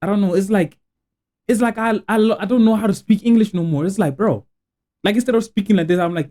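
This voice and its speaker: A man's voice: high voice, fast talker, dark tone. A young man hosting a reaction video, talking in a rambling, slangy way and exclaiming often. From South Africa. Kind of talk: casual reaction commentary.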